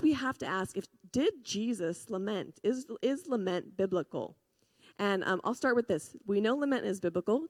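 A woman preaches in a chatty, earnest voice, stumbling over words and restarting. She drops to hushed tones, then rises with bright emphasis. Her mid-range voice is recorded dry and close. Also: mid-range voice, no room sound. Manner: swings between hushed grief and lively emphasis. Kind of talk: sermon.

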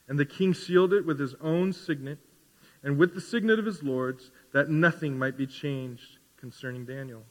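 A man's voice: fairly high pitch, fairly bright tone. A man preaching a sermon as pastor, building to emphatic rising questions. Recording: reverberant hall.

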